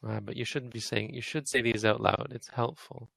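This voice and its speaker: Male online tutor, crisp gravelly tone, drills short and long vowels patiently. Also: medium pitch, fairly even intonation, moderate pace, sharp tone, no echo, low-quality recording. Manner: patient, repeats vowel sounds aloud for students to copy. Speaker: Pali teacher. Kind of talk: online language lesson, demonstrating pronunciation.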